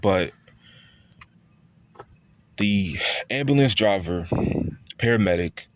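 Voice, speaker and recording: A young man giving a casual spoken testimony, halting and repeating himself, often restarting with fillers. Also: fairly low pitch, animated, background noise. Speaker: storyteller recounting a personal experience.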